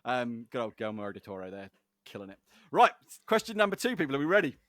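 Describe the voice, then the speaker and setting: A man's voice: medium pitch, big pitch swings, quick pace, a bit bright, dry recording, studio quality. Giggly, chatty male podcast host. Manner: chatty, giggly, rambling with fillers. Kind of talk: casual podcast chat.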